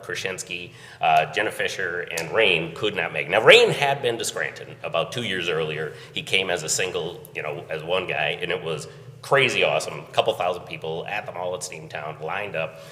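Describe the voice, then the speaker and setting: A very deep-voiced man recounts an event at a conference in a relaxed way. He sounds far from the mic in a hall with a long reverb. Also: moderate pace. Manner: conversational, recounting with chuckles. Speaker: event organizer. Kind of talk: conference talk storytelling. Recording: echoey hall, voice from afar.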